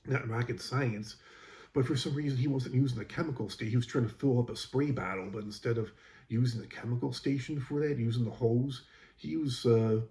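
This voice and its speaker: A man's voice: mid-range voice, brisk, mellow. A man who works as a school custodian, casually telling an exasperated, rambling story about a coworker, with lots of fillers.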